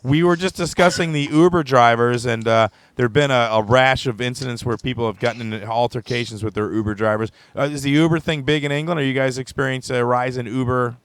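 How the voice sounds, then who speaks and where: A man hosting a casual comedy talk show from a studio, joking loudly and laughing often. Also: mid-range voice, fast, few pauses, clear, resonant tone. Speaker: show host.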